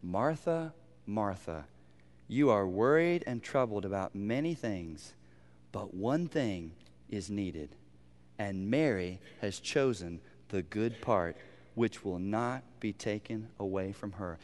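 A man playing a gentle, softly rebuking teacher. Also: animated, unhurried. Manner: soft, low and tender. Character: gentle, calm man giving a loving rebuke.

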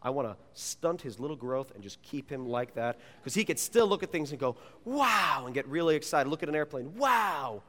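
Playful pastor preaching in an echoing hall. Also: male voice, mid-range voice, fast, few pauses. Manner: animated, playful storyteller. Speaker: youth pastor. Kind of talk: sermon with personal storytelling. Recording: long reverb of a large hall.

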